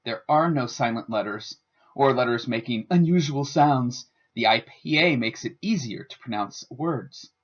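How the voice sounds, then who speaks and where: A man giving a scripted instructional narration as a student presenter, with a careful, deliberate teaching delivery. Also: medium pitch, lively intonation. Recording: dull lo-fi voice-over.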